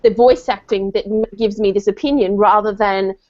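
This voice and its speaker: A woman's voice: mid-range voice, fairly even intonation, moderate pace, darkish tone. Chatty woman, muffled audio. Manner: chatty, thinks aloud with fillers. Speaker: book club panelist. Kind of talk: casual discussion. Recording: dull lo-fi sound.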